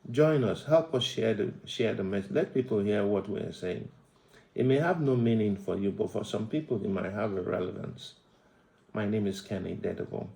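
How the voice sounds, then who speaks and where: A man's voice: on the low side, normal speed, creaky, dark tone, reverberant, rough recording. A Nigerian man hosting a devotional podcast, preaching about road safety and rejoicing, mixing Pidgin into his English with emphatic rises. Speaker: podcast host.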